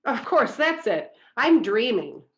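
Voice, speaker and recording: A woman voicing a sleepy, puzzled male bear who softly insists he is a bear. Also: on the high side, very animated, takes it slowly, pitched above the performer's own voice, exaggerated voice. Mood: surprised.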